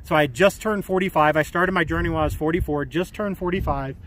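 Man, 40s, high-pitched; loose, filler-heavy vlog storytelling outdoors. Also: fast talker, fairly bright tone, slight background noise. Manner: rambling, full of fillers and restarts. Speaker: vlogger. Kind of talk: casual storytelling to camera. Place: outdoors by a community pool.

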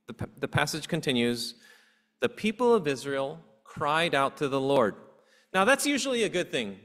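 In a church sanctuary with long hall reverb, a male pastor preaches earnestly, posing rhetorical questions to his congregation. His voice is a little high and a bit bright.

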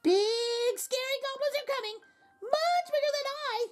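A woman voicing a tiny, squeaky male goblin from a storybook read-aloud, boastful but easily frightened. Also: unhurried, faint music behind. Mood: taunting. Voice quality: very high squeaky.

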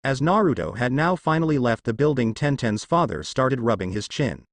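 A man's voice: mid-range voice, lively intonation, normal speed, no echo. A man reading fanfiction aloud, telling the story steadily. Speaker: fanfiction narrator.

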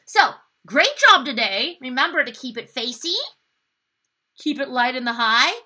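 A woman's voice: high-pitched, expressive, moderate pace, bright, forceful tone. A woman voice teacher giving an upbeat online singing lesson, encouraging students and demonstrating the exercises herself.

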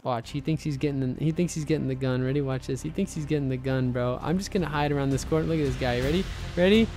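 Young male gaming host, casual and teasing, talks straight to viewers, spikes into loud excitement; faint music underneath. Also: a little high, quick pace. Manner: chatty, talks to viewers as "boys". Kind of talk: gameplay commentary.

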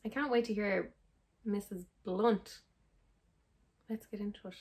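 A woman's voice: medium pitch, unhurried, loud music behind the voice. A young woman with an Irish accent, chatting sarcastically and animatedly as she reacts to a film trailer. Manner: sarcastic and animated, mock-exasperated. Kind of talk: casual reaction chat.

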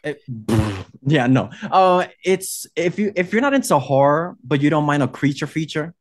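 A man's voice: a little high, lively intonation, moderate pace. A man on a casual podcast chat, gushing with campy enthusiasm about a film he loves. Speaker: podcast co-host.

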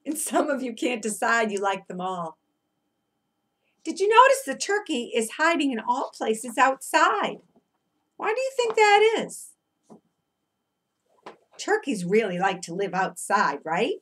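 Woman teacher reading to little kids, unhurried, very lively melody, coaxing questions. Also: on the high side. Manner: singsong chanting, coaxing questions. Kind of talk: read-aloud lesson for young children.

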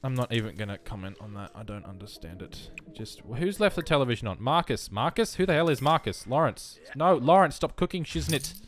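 A young man hosting a let's play offers wry, self-mocking commentary while playing a life-simulation game. His mid-range voice is animated and a little fast, with few pauses in this casual gameplay talk.

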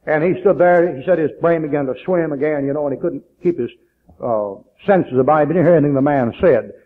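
A man preaching a sermon, emphatic, telling a story and dropping to low asides. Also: brisk. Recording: tinny phone-like old recording.

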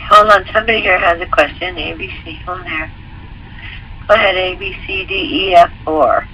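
Brisk male call-in host, fairly high-pitched and bright, faint noise behind. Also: lo-fi sound. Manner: brief, businesslike moderator. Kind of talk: hosting a call-in show.

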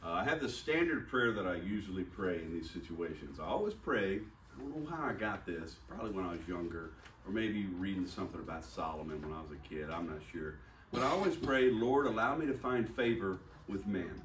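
A pastor preaches in a low-pitched, expressive, fairly bright voice at a fairly quick pace. He tells a personal story with self-deprecating, conversational flair and acts out the dialogue, captured by a distant mic in an echoey room with slight background noise.

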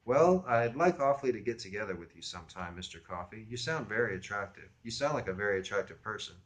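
A man's voice: fairly low pitch, lively intonation, quick pace, natural voice. A man reading a book aloud, voicing a brusque woman woken late at night who snaps at first and then turns coy. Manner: raised, prickly, then coy. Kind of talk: audiobook reading.

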